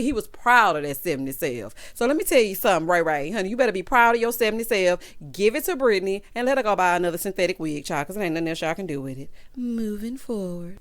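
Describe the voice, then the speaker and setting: A woman giving a casual, sassy recap of a reality show, calling her listeners honey and child and laughing along as she goes. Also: mid-range voice. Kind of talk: casual chatty recap commentary.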